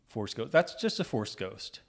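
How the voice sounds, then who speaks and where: A man's voice: mid-range voice, very animated, measured pace. A man co-hosting a casual reaction chat, laughing often and reading posts aloud. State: sleep-deprived. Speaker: co-host.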